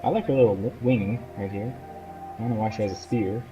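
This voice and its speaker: A man's voice: on the low side, a little fast, lo-fi sound, over music. A man giving casual, joking commentary while playing through a game. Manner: joking, chatty, playful asides. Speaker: gamer. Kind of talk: casual let's play commentary.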